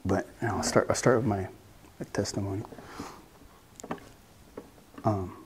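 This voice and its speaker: A man giving a personal faith testimony, earnest and halting, often restarting his sentences. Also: lowish voice, fairly even intonation, background noise.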